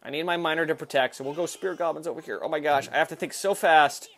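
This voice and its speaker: A young man giving excitable, hyper commentary over a mobile game he is playing, often jumping into loud shouts. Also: on the high side. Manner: excitable and hyper, quick swings into yelling. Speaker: mobile game video host. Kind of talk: live gameplay commentary.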